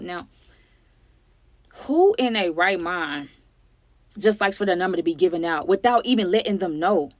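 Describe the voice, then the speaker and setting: A woman in her twenties telling a personal story to her viewers in a sassy, chatty, animated way. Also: lowish voice, normal speed, long pauses, no echo. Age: 20s. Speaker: storytime vlogger.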